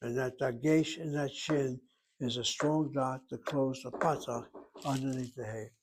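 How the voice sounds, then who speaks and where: A man's voice: medium pitch, fairly even intonation, unhurried, noisy background. An older man giving a methodical Hebrew grammar lecture, explaining each point step by step. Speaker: Hebrew teacher.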